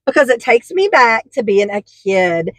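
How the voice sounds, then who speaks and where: Gushing woman, higher voice. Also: sing-song, unhurried, fairly bright tone, no echo, poor audio. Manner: chatty, gushing, rambling with fillers. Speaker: haul vlogger. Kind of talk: casual product haul chat.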